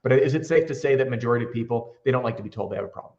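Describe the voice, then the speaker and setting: Echoey, energetic male sales trainer. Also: mid-range voice, racing, lo-fi sound. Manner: energetic, candid, acts out quoted dialogue. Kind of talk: casual interview storytelling.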